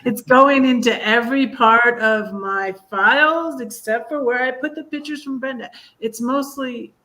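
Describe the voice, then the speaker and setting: A woman hosting a casual livestream chat, musing aloud in an unhurried way as she looks for things. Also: fairly high pitch, sharp tone, poor audio. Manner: unhurried, musing aloud while searching files. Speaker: host.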